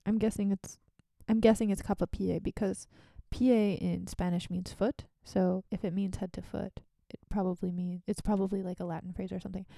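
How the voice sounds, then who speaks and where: Woman, sick, mellow tone, rambling, giggly, dry close sound. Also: medium pitch, fairly even intonation, a little slow, vocal fry, dry recording. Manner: chatty, rambling, giggly asides. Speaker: streamer. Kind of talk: casual live-stream reading with side commentary.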